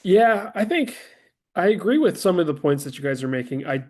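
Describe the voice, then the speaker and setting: A man in a casual film podcast chat, animated, acting out movie lines and swearing casually. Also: high-pitched, fairly quick. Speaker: podcast co-host.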